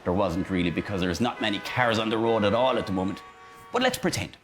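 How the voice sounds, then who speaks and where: A man's voice: fairly low pitch, big pitch swings, fast talker, faint music behind. A man, a teacher giving a playful children's lesson about feelings and acting out each emotion.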